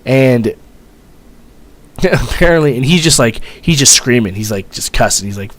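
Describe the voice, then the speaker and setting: A man's voice: medium pitch, normal speed. A young man, a former Marine, telling a story in a rambling, profane way, full of fillers. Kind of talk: casual storytelling vlog.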